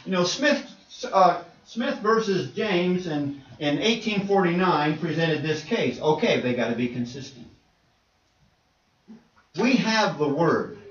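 A man preaching a sermon in a church, shifting between quiet storytelling asides and forceful, emphatic exhortation. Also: high voice, big pitch swings, unhurried. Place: church sanctuary. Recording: echoey church room, distant mic, dull lo-fi.

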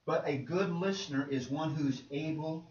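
A man's voice: on the high side, normal speed, a little mellow. A man preaching a sermon with emphatic delivery, repeating words and acting out the quotes he cites. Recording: roomy, distant, dull with faint noise.

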